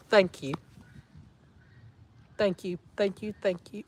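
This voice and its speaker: A man, chatting warmly and emotionally to his viewers in a casual vlog, teasing them and saying y'all a lot. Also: sits high, slow pace, slight background noise. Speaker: vlogger.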